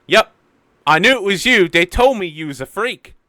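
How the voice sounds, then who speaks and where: Tabletop game role: bratty little girl, high and bouncy, played by a man. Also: animated, normal speed, sharp tone, dry recording. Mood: cheeky. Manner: cheeky, bratty. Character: bold precocious little girl messenger.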